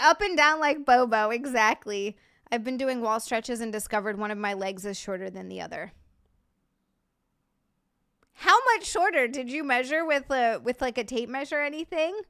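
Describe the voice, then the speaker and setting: A woman's voice: fairly high pitch, fairly bright tone, clean tone, no echo, clean studio sound. A young adult woman streamer chatting casually and answering her live chat, reading out viewers' messages as she talks.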